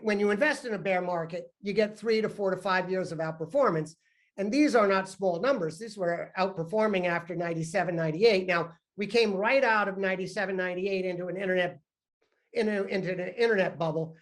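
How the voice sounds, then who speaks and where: Older man giving an animated lecture. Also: high voice. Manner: animated storyteller who often repeats and restarts words. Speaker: investment fund founder giving a guest lecture. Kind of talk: university guest talk. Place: lecture room.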